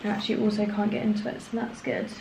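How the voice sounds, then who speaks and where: A woman in her twenties vlogging casually to camera, chatty and excitable, now and then hushed and emotional. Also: medium pitch, very fast, vocal fry, slight background noise. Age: 20s. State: has a headache. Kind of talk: casual vlog chat to camera. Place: home office room, indoors. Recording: echoey room.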